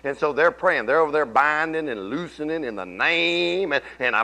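A man preaching a sermon in church, telling folksy stories and swinging from low murmurs to shouted declarations. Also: expressive, brisk, few pauses. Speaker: pastor.

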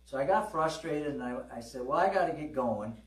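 Midwestern preacher in an echoey hall. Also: male voice, on the high side, lively intonation, fairly quick, far from the mic. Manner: conversational storytelling, with calls to the congregation. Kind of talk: sermon. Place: church hall with congregation.

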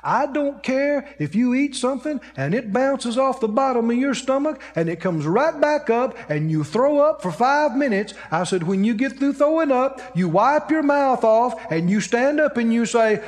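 Male preacher, high lively voice, storytelling sermon, long church reverb. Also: moderate pace, few pauses.

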